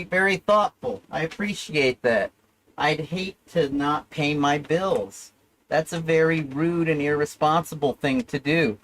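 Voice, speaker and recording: A man's voice: fairly high pitch, a little hiss or hum, poor audio. A man ranting alone on his livestream, rambling and sarcastic with plenty of profanity and self-pity. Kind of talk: solo livestream rant.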